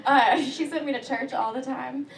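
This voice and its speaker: High-voiced Southern woman doing stand-up. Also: gravelly, over a noisy crowd, heavy background noise. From rural Texas. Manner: wry, self-deprecating, quick punchlines. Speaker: stand-up comedian. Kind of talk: stand-up comedy set. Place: comedy venue with a live audience. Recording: distant, roomy club recording with audience laughter.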